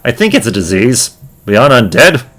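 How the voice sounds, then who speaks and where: A man's voice: mid-range voice, big pitch swings, brisk, fairly bright tone, faint music behind. A man voicing a bored, curt female vampire in a game, talking dismissively. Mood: irritated. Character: bored, snippy female vampire feeding in a swamp.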